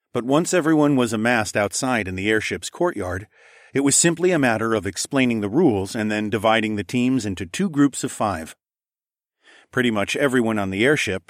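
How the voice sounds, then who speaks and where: A man reads a first-person fantasy audiobook in a fairly low voice, lively and casual, with the odd swear thrown in. The recording is dry and close, with no room sound. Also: no echo. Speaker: audiobook narrator.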